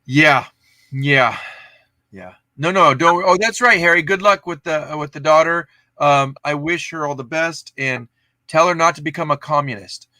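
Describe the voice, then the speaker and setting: A man's voice: a little high, normal speed, bright, forceful tone, no room sound. A man hosting a casual livestream, chatting in a rambling, self-interrupting way. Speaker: livestream host.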